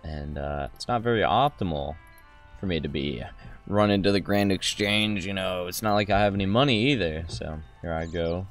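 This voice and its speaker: A man's voice: low-pitched, normal speed, faint music behind. A young man hosting a gameplay video, rambling and joking as he plays and acts out snippets of dialogue. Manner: jokey, rambling, with mock-dialogue asides. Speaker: gaming video host.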